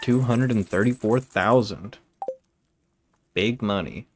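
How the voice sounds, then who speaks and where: A man's voice: fairly low pitch, slow pace, a little mellow. Laid-back man chatting over game music. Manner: laid-back, chatty, musing aloud while playing. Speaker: gaming video creator. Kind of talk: casual gameplay commentary. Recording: game music playing behind.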